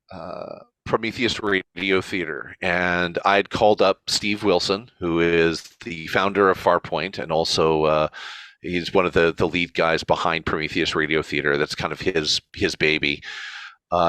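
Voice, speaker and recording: Deep-voiced, bright, chatty man. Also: clear, resonant tone, dry recording. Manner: animated, chatty storyteller. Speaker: interview guest, convention organizer. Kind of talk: casual storytelling interview.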